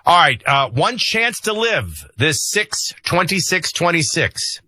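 A man's voice: mid-range voice, very animated, measured pace, few pauses, pushed and bright, no echo. A middle-aged man hosting a morning talk radio show, talking emphatically and conversationally with frequent fillers. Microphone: studio microphone.

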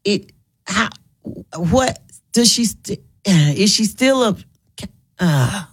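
A woman's voice: medium pitch, lively intonation, extremely slow, breathy edge. A woman radio host, chatting with callers in an emphatic, repetitive way. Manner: chatty, emphatic, repeats herself. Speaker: radio talk show host. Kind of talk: call-in radio talk.

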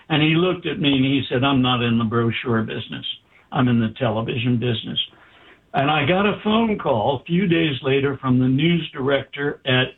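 Telling an anecdote during an interview, a doctor speaks in a mid-range voice with a breathy edge. He animates the tale by acting out the quoted dialogue, heard through a tinny, phone-like connection.

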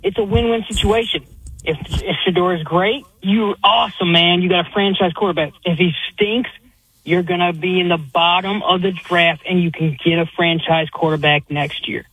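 A man's voice: high voice, fairly even intonation, moderate pace, a bit bright, slightly rough, no echo. A man calling in to a sports radio show, emphatic and repeating himself as he argues. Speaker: caller. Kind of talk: call-in sports radio opinions. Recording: phone line.

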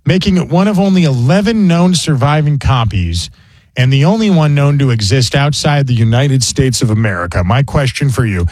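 A man's voice: medium pitch, lively intonation, normal speed, darkish tone, dry recording. A man hosting a radio show, telling jokey stories in casual banter. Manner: jokey storyteller, mock pronunciations.

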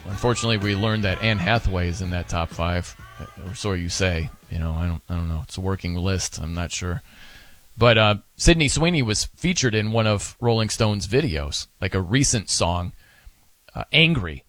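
A man's voice: deep voice, animated, moderate pace, a bit bright. A man hosting a sports radio show, chatting casually in a rambling, self-amused way. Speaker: fill-in radio host. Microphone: studio microphone.

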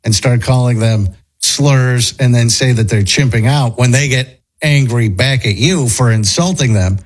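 A man hosts a casual commentary chat in a medium-pitched, slightly slow voice, restarting his sentences as he reacts and thinks out loud. The audio quality is poor.

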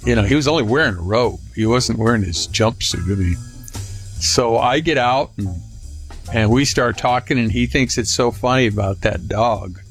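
An older man telling a personal story casually, rambling with restarts and lively retelling. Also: mid-range voice, normal speed, faint music behind. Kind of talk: personal anecdote.

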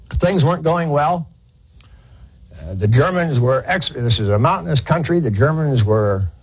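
Man, husky, lively pitch, folksy history storyteller. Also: poor audio. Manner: folksy, conversational, with many fillers and restarts. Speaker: historian lecturer. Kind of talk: storytelling lecture.

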